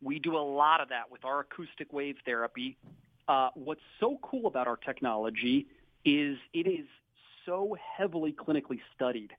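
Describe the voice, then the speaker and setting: A man from a clinic giving an upbeat, salesy sponsor pitch on a radio show. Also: expressive, normal speed, dry recording, narrow, tinny audio. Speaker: clinic representative, sponsor guest.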